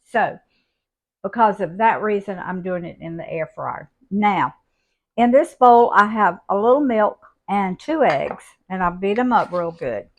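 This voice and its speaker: An older woman, showing a home cooking recipe in a folksy, unhurried way from her kitchen. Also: medium pitch, expressive. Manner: folksy, unhurried, homey talk. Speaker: cooking channel host.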